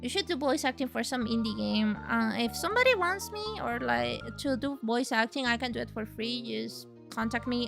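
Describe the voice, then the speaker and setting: A woman streamer whose first language is Spanish, chatting excitably over a game, swearing and leaping up in pitch. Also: gravelly. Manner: excitable, jumps high in pitch, swears, laughs. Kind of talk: live game stream chat, reading dialogue aloud.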